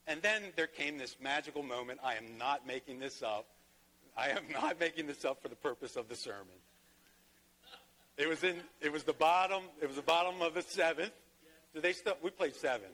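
A man's voice: on the high side, a little fast, pushed and bright. A man pastor preaching a sermon, telling a personal story and rising to emphatic peaks. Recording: long hall reverb.

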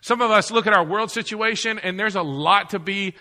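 A man preaching from the pulpit with a high, piercing, very bright voice. He drives his points home by repeating them and throws questions out to the congregation. His voice carries a long reverb tail through the church hall. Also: fairly quick. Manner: repetitive, emphatic preaching with rhetorical questions to the congregation. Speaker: pastor. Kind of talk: sermon.

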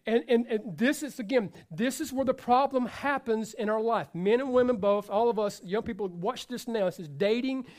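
A man's voice: very high-pitched, moderate pace, hardly any pauses, darkish tone. A man preaching a sermon to his congregation, talking in a loose, conversational way with frequent repetitions and asides. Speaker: pastor.

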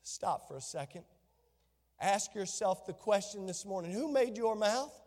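A male pastor delivers an animated sermon, slipping into the voices of the people in his scripture story. His voice sits very high for a man. The sound carries the long reverb of a church hall. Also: a little slow. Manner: animated preaching, acts out biblical dialogue.

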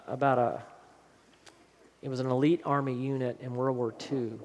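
A man preaching a sermon as a pastor, speaking earnestly and leading the congregation in a slow, soft closing prayer. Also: mid-range voice. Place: church sanctuary during a service. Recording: long hall reverb, faint room noise.

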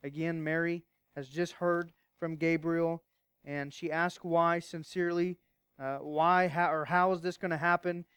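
A man pastor preaching a sermon, emphatic at times and hushed at others, asking rhetorical questions. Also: on the high side, little pitch movement, a little slow, clear, resonant tone, dry recording.

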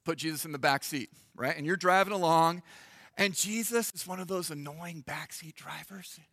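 A man preaching in church, lively and animated, acting out little voices for the congregation. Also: fairly high pitch, moderate pace, no room sound, clean studio sound, in a large hall. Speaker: pastor. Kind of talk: sermon. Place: church hall.

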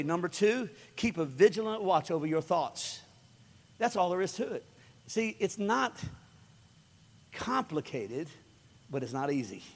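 A male pastor with a high, light voice gives a conversational sermon to his congregation, repeating his key lines to hammer them home. Long hall reverb carries his words.

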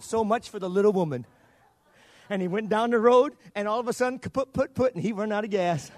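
A male pastor preaching a sermon in an emphatic, repetitive way that builds up to shouting. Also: sits high, dry recording.

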